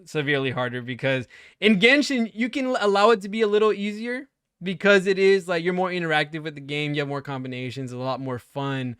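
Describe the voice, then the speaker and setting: A man's voice: on the high side, fairly quick, a bit bright, smooth, no echo, studio quality. A man hosting a casual gaming podcast over a voice call, joking, teasing and laughing often. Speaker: podcast host.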